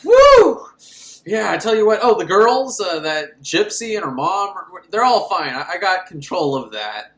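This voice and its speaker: A man's voice: sits high, sing-song, normal speed, pushed and bright, reverberant, exaggerated voice. A man voicing a cheerful, goofy adult ice cream man who talks in an overly chummy, rambling way. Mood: breezy.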